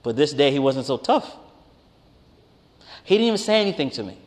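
A man preaching a conversational sermon, telling a personal story with animated, emphatic rises. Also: a little high, a little fast. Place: church hall with congregation. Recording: reverberant hall.

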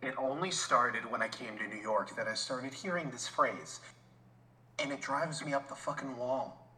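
A man in a podcast chat who rants heatedly and swears often. His voice is bright and forceful at a middle pitch. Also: normal speed, low-quality recording. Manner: heated ranting with heavy swearing. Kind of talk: casual chat.

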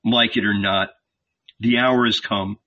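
A calm, insistent archangel, as a man reads him speaks slowly and with measured command, persuading rather than raging. His tone is bright and sits in a muffled, lo-fi audiobook sound. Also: lowish voice, voice pushed down. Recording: dull lo-fi recording.

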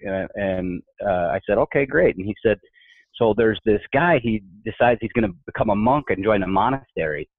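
Over a tinny, phone-like line with no room sound, a man with a lowish voice talks at normal speed. He's chatting casually on a podcast, spinning workplace anecdotes as an animated storyteller who imitates the quoted voices.

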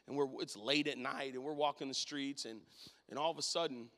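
A man preaching a sermon and telling a personal story, his voice swinging from quiet to loud. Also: mid-range voice, fairly quick, big-room sound.

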